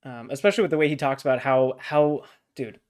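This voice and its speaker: On a casual book discussion podcast, a male co-host speaks fast at a medium pitch. He is blunt and exasperated, pushing back and swearing freely.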